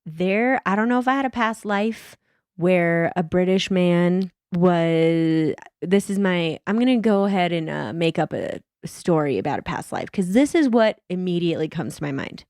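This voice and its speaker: A woman co-hosting a casual podcast chat, giggly and animated, swearing casually. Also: lowish voice, normal speed, no echo, studio quality. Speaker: podcast co-host.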